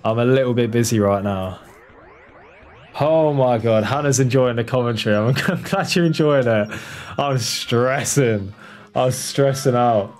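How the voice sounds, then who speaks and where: Excitable man commentating a speedrun. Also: medium pitch, moderate pace. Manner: excitable, swears, talks to the game character and chat. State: out of breath when tense. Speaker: speedrun streamer. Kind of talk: live gameplay commentary.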